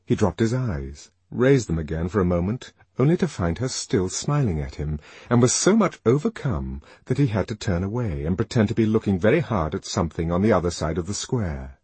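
A man reads a novel aloud in a husky, rough-edged voice that sits a little low. His pitch moves expressively with the story, and the sound is dry and close. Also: a little fast, few pauses, dry recording. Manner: expressive reading that shifts voice for characters. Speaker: narrator. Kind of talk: scripted audiobook narration.

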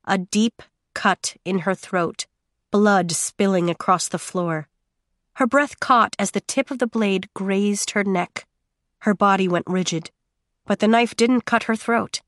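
A woman giving dramatic audiobook narration in a steady, measured way with drawn-out pauses. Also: medium pitch, no room sound, studio quality.

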